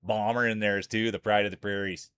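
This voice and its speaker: A man's voice: fairly low pitch, level tone, a little fast, fairly bright tone, clean tone, no room sound. A man streaming live, calling marble races like a sports announcer and greeting viewers by name. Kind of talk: live stream race commentary.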